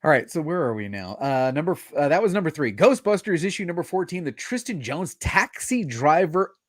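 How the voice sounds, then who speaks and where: Lively joking man hosting. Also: a little high, a little fast, dry recording, clean studio sound. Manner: joking, laughs often. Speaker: host. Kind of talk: casual chat about comics.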